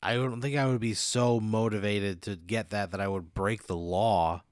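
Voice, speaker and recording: Low-ish guy going along with a goofy bit, dry and skeptical, dry close sound. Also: fairly even intonation, normal speed, no echo. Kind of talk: casual comedy banter.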